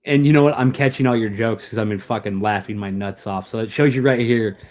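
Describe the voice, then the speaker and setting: A man's voice: fairly low pitch, a little fast, a little mellow. A young adult American man chatting casually on a live stream, rambling, laughing often and restarting his sentences.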